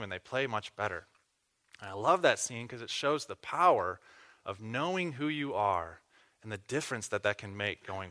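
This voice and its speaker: A man's voice: on the low side, sharp tone. A male pastor preaching earnestly, telling a story and closing in prayer. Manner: earnest, with fillers and restarts. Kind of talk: sermon ending in prayer.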